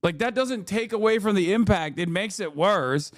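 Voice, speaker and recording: A man's voice: sits high, lively intonation, normal speed, no room sound, studio quality. Fired-up man ranting on stream. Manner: heated, mocking rant with frequent fillers and cursing. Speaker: streamer host reacting to clips. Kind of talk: profane political reaction commentary.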